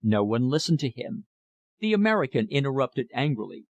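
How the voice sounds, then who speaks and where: With no echo behind him, a man of medium pitch reads aloud from a classic novel. He tells the story at an even, measured pace, audiobook style.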